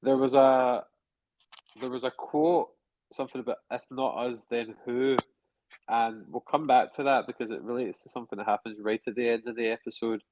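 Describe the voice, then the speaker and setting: Man, casual review chat, thinks aloud, mid pitch, dull lo-fi sound, dry room. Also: fairly even intonation, fairly quick, darkish tone, no room sound. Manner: chatty, hedging, thinks aloud. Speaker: podcast co-host.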